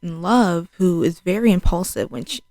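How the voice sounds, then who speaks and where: Young woman, chatty show recap, mellow tone, dry close sound. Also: on the low side, normal speed, no echo. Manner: chatty, fills speech with "like", acts out quotes. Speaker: TV show reviewer. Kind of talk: casual spoken show recap.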